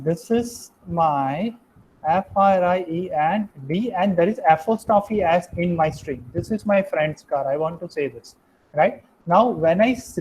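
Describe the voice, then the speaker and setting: A man's voice: high-pitched, a little mellow, a little hiss or hum, low-quality recording. A young man giving a live online programming lesson, explaining step by step and ending many sentences with "right?". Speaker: programming instructor.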